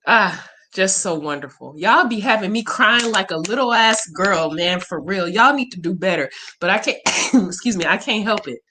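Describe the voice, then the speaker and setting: A woman's voice: medium pitch, animated, normal speed, noisy background. Woman, spiritual reader hosting a livestream; candid, emotional, salty chat. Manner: candid, profane, emotional and chatty. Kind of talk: casual livestream Q&A.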